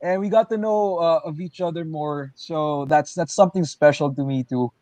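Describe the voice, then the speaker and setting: A man who is a pro wrestler, co-hosting a casual livestream chat over a video call, excitable and animated. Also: a little high, normal speed, no room sound. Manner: excitable, animated, jumps between loud and soft.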